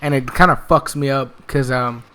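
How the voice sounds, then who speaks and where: A man's voice: mid-range voice, steady tone, moderate pace, pushed and bright, clear, resonant tone. A young man telling a rambling, profane story in casual speech, filling it with "like" and "well.".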